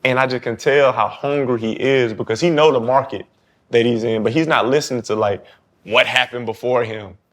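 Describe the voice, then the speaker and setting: Speaking at a normal speed in a mid-range voice, a football player in his thirties with a New Orleans accent talks casually as a podcast guest. He's animated and acts out quoted talk; he plays quarterback.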